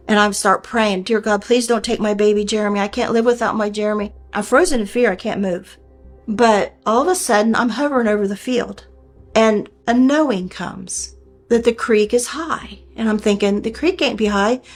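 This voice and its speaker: A woman in her sixties telling a personal story in an earnest, heartfelt way, often re-enacting what she and others said. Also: mid-range voice. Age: 60s. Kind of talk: personal testimony.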